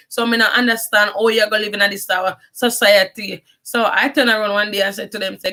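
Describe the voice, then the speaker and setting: A woman's voice: mid-range voice, steady tone, brisk, hardly any pauses, pushed and bright. A young Jamaican woman with a strong Jamaican accent, telling her life story in a casual, rambling vlog, mixing in patois and often restarting her sentences. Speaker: vlogger.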